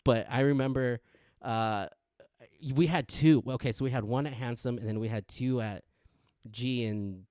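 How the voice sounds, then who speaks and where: A young podcast co-host tells a story at normal speed in clean studio sound with no echo and a clean tone. He's animated, restarting and stammering often, acting out quoted voices with big pitch jumps.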